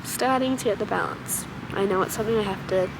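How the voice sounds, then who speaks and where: A woman's voice: mid-range voice, fast, gravelly, very noisy. A young woman chatting casually to the camera in an upbeat, gushing vlog. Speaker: vlogger. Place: outdoors in a park, then at home.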